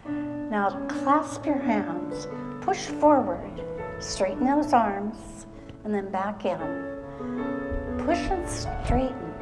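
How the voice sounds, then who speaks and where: A woman fitness instructor leading a seated exercise routine on a live stage show. She gives short, calm, step-by-step cues and keeps encouraging the audience. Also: medium pitch, very slow. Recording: music playing under the voice. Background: background music.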